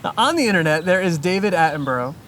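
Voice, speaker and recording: Interviewer, brisk and friendly, medium pitch, faint background hiss. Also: very animated, fairly bright tone. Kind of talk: casual quick-fire interview questions.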